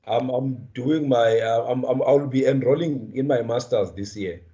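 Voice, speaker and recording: A guest trainer from the Eastern Cape, speaking with a South African accent, leads an online class, checking in with students and often repeating words. His voice is medium-pitched and mellow at a normal speed, captured through a video call as dull, lo-fi audio.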